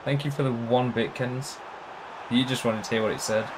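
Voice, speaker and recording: A young man giving casual, sweary commentary over a football video game, bantering with someone beside him and shouting at big moments. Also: medium pitch, steady tone, normal speed, heavy background noise. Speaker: gaming YouTuber.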